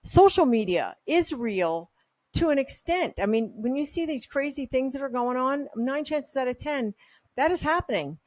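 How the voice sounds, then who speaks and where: A woman's voice: sits high, animated, moderate pace, a little mellow, no echo. Candid, opinionated woman on a vlog. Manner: candid and opinionated, rambling storytelling. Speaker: health supplement brand host. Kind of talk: casual talking-head monologue.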